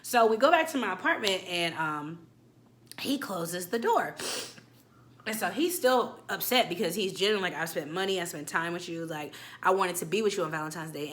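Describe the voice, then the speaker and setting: A young woman in her twenties telling a casual, animated storytime, acting out quotes with slang. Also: fairly low pitch, brisk. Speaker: storytime vlogger.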